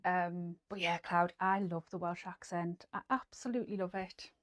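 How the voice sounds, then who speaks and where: A woman's voice: on the low side, fairly even intonation, normal speed. A woman with a Geordie accent hosting a casual sewing live stream, chatting through viewer comments with lots of fillers and restarts and dropping to near-whispers at times. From North East England.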